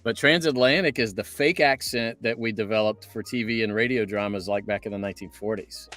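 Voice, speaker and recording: A man's voice: fairly low pitch, brisk, a bit bright, faint music behind. A man chatting casually as a voice actor at a live signing, reading out fan comments and riffing on them. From United States. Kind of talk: casual chat.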